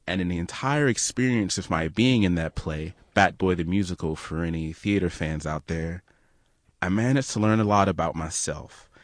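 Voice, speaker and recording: A young man with a low, deep voice tells a personal story in an earnest, reflective way. The sound is dry and close, with no room echo. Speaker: storyteller and guest. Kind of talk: personal story told to an audience.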